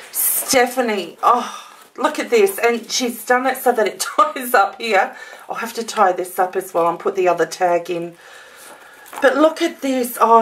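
A woman from Australia opening a handmade craft gift in a casual vlog, gasping and gushing over every detail. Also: mid-range voice.

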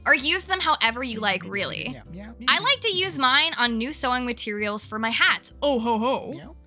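A woman's voice: high-pitched, animated, normal speed, bright, forceful tone, faint music behind, heavily acted. A woman reading game dialogue aloud, voicing a theatrical, genteel male cat who guides a tea house.

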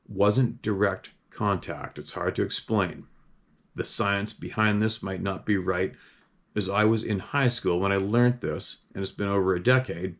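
A young adult man reading out a first-person camping story in an earnest, steady way, with small slips and restarts. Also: fairly low pitch. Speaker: host reading a viewer's story.

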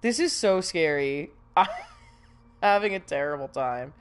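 A young woman with a deep, expressive, clean-toned voice streams a horror game in an unhurried way. She jumps and frets at the scares, curses frequently, and laughs through it all, sounding slightly sniffly after a recent cold.

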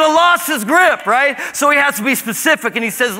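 A man preaching a sermon as pastor, shifting from quiet asides to loud, shouted preaching. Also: very high voice, animated, a little fast, hardly any pauses, in a large hall. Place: church sanctuary.

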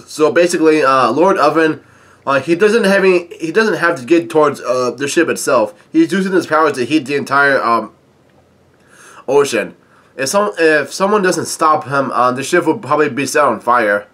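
Halting man reading a comic aloud. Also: on the high side, animated, fairly bright tone. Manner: halting, many fillers, chuckles at the story. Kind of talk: casual comic read-along with commentary.

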